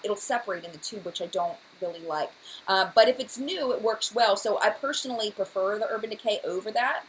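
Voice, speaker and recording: A woman hosting a makeup livestream at home, talking quickly and chattily as she reads out viewer comments. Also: mid-range voice, a little hiss or hum, low-quality recording. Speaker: beauty channel host. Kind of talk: live-stream chat about makeup. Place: home room by her dresser.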